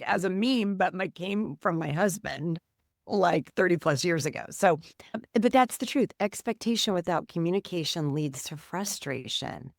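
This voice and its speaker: A woman in her fifties, a podcast guest, telling stories in an animated, conversational way and laughing now and then. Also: lowish voice, no echo, studio quality. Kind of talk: conversational storytelling.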